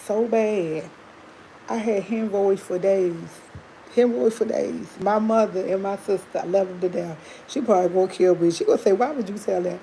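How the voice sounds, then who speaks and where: Telling a personal story on her livestream, a woman host chats candidly with viewers and laughs frequently. She speaks at normal speed in a mid-range voice, steady and warm in tone. The audio is poor, with slight background noise.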